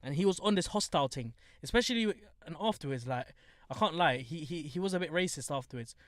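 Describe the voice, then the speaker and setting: Animated young London man telling a story. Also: fast talker, dry recording, clean studio sound. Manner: animated storyteller, acts out other people in high voices. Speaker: podcast co-host. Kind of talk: casual chat. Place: studio.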